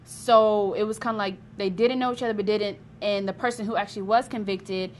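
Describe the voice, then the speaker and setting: A woman's voice: medium pitch, steady tone, a little fast, a little hiss or hum. A young woman chatting as a pop culture correspondent, rambling with lots of fillers. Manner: rambling, many fillers like "you know". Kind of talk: casual chat.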